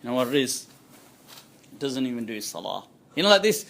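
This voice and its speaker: A man lecturing as an Islamic scholar to a live audience, conversational and animated, acting out quoted voices and laughing often. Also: mid-range voice, vocal fry, slight background noise. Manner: frequent quick laughs. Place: indoor talk before a small audience.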